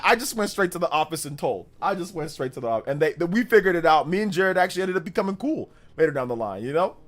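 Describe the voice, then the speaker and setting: A man in his thirties hosts a livestream and tells a story in casual talk. His pitch swings widely as he acts out the moments. Faint music plays under his voice. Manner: animated, with exaggerated voices for quoted people. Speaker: livestream host.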